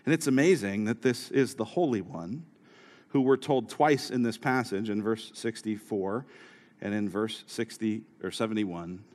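A male pastor preaching a sermon who moves from quiet storytelling to raised, urgent exhortation. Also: fairly low pitch. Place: church hall. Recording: live sermon with long hall reverb.

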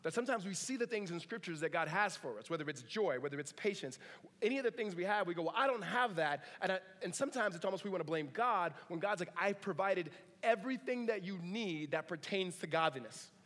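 A man's voice: sits high, lively intonation, fast talker, a bit bright, in a large hall. A man preaching a sermon as a pastor, conversational, with humorous asides.

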